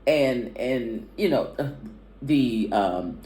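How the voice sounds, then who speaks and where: A woman's voice: very deep voice, animated, extremely slow, dark tone. A woman co-hosting a vlog, telling travel stories in a chatty, rambling way with many fillers. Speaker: vlog co-host. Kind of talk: casual chat. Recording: echoey room.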